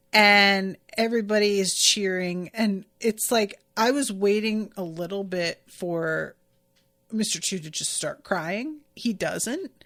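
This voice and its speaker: A woman's voice: medium pitch, slow, a bit bright. A woman hosting a podcast and casually recapping an episode, gushing and swearing freely. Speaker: podcast host.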